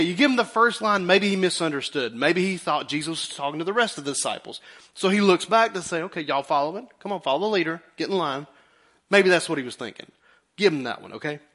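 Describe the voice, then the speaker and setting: A male pastor preaching a folksy, animated sermon, acting out quotes in a high put-on voice.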